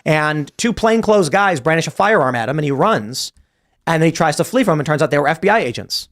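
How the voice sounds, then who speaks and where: A man hosting a political panel show, talking fast and acting out quoted shouts as he tells stories. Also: fairly high pitch, animated. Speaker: host.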